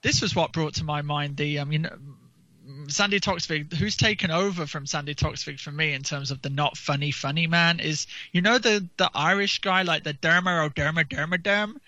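A man's voice: fairly high pitch, normal speed, bright, forceful tone, dry recording. A man co-hosting a casual talk show, rambling and mocking, sometimes mimicking people's voices. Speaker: podcast co-host. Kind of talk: casual chat. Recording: dull lo-fi dry sound.

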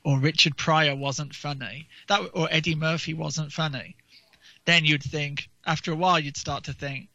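A man's voice: on the high side, fairly even intonation, moderate pace, bright, forceful tone, dry recording. A man co-hosting a casual talk show, rambling and mocking, sometimes mimicking people's voices. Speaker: podcast co-host. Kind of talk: casual chat. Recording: dull lo-fi dry sound.

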